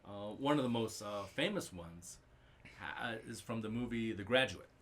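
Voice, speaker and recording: A man speaking as a guest in a casual interview, halting as he repeats words and says "uh" while he thinks. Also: fairly low pitch, expressive, fairly bright tone. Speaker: guest comedian and actor.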